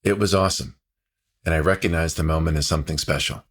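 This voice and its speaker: A man reads his own memoir aloud in a very low voice, heartfelt and reflective. His tone has a husky, slightly breathy grain. The telling is steady audiobook narration. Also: quick pace.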